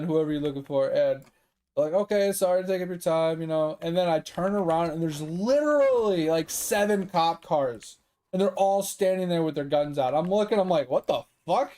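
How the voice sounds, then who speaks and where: A man's voice: on the high side, moderate pace, dark tone. A man streaming a game and telling a story in casual, profane chat, laughing often. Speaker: gaming streamer. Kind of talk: casual storytelling while gaming.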